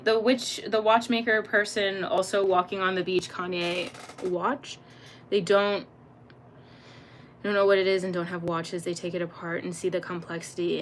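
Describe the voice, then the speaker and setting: A woman's voice: lowish voice, slight background noise. A young woman hosting a casual livestream, reading chat aloud, laughing often and swearing freely as she chats playfully.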